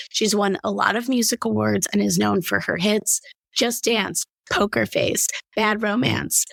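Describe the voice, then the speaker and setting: A woman's voice: medium pitch, vocal fry, fairly bright tone, no room sound. A slightly sick woman co-hosting a podcast, chatty and fond of telling stories. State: a little sick. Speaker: podcast co-host. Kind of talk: casual astrology podcast chat.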